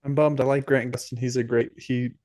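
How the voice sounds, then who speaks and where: A man's voice: mid-range voice, flat delivery, fairly quick, a little mellow, no echo. A man co-hosting a movie podcast, chatting casually and filling his sentences with "like". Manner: casual, lots of fillers like 'like'. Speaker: podcast co-host. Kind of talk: casual movie review chat.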